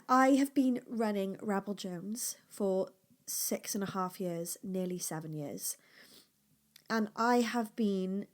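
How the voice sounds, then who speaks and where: A young adult woman with a mid-pitched voice hosts a casual personal podcast from home and also runs a small business. She's candid and emotional, full of fillers and restarts, swinging between bright, lively talk and soft near-whispers.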